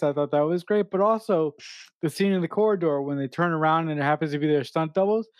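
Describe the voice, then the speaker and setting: Halting man reacting to a film. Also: a little high, a little mellow, no room sound. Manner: halting, with frequent restarts and casual swearing. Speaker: podcast co-host. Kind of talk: casual film review chat.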